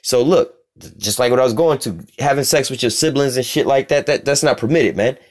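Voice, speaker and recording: A man teaching scripture casually, reading verses aloud slowly and commenting bluntly with street profanity. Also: mid-range voice, a little mellow. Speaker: religious teacher.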